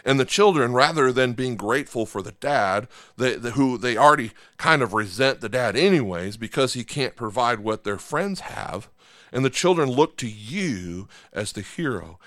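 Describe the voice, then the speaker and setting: A man's voice: mid-range voice, lively intonation, normal speed, a bit bright, no echo. A man, a pastor, preaching a conversational sermon and checking in with his listeners. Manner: conversational, asks the congregation for agreement.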